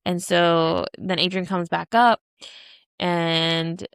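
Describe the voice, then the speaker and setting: A woman's voice: fairly low pitch, flat delivery, slow, clean tone, no room sound, clean studio sound. A woman in her thirties co-hosting a podcast, telling a long story in casual chat, rambling with lots of "like" and restarts. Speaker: podcast co-host.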